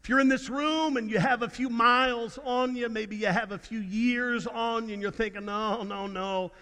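A man's voice: very high-pitched, fairly even intonation, normal speed, bright, forceful tone. A man preaching a sermon as a pastor, earnest and prone to stammered restarts. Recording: long hall reverb.

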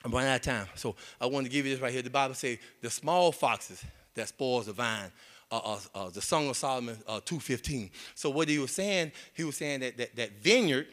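A man's voice: mid-range voice, quick pace, few pauses, a bit bright. A man preaching a sermon in a folksy, repetitive way, with many amens and restarts. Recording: long hall reverb.

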